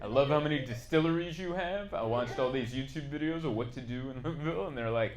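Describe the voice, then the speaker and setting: A man doing a stand-up comedy set on stage, chatty and self-mocking, breaking into loud put-on bits. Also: mid-range voice, quick pace, hardly any pauses. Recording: live club audience noise.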